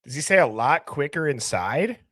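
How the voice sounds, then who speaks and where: A man with a somewhat higher voice hosts a casual live stream, musing and asking questions as he goes. His voice is close and dry, with no room sound behind it. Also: lively intonation, normal speed, fairly bright tone, no room sound. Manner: musing, questioning, thinking aloud. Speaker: host.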